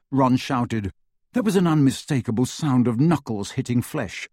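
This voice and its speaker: Man narrating an audiobook, animated delivery, dry close sound. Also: medium pitch, normal speed, breathy edge, dry recording. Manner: lively, expressive reading that acts out the action. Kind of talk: scripted story narration.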